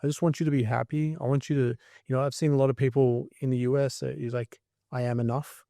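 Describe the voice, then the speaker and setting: A man's voice: medium pitch, level tone, fast, gravelly, mellow, no room sound, clean studio sound. An Australian man co-hosting a podcast, chatting in an upbeat, enthusiastic way. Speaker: podcast co-host. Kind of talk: casual chat.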